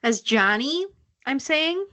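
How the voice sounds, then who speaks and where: A woman co-hosting a film podcast in casual chat, reacting quickly and joking at her own expense. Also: high-pitched, expressive, bright, forceful tone. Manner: chatty, quick to react, self-deprecating. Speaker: podcast co-host.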